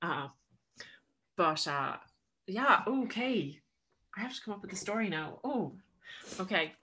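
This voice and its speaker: A woman's voice: mid-range voice, lively intonation, a little slow, bright, forceful tone, a little hiss or hum. A woman co-hosting a casual podcast, making up a story as she goes with lots of fillers. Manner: rambling, filler-heavy storytelling. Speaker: podcast co-host.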